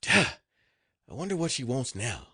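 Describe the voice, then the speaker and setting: A man's voice: medium pitch, big pitch swings, moderate pace, sharp tone, husky, dry recording, pitched above the performer's own voice, heavily acted. A weary old woman cook who grumbles about her mistress in a raised voice, as a male narrator puts her on. She mutters and complains, and the dry recording keeps her close like a storybook read aloud. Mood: pleading.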